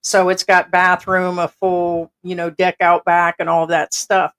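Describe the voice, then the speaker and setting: A woman's voice: on the low side, level tone, measured pace, a bit bright. A middle-aged American woman hosting a casual livestream from home, rambling and blunt with casual swearing. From United States. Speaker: livestream host.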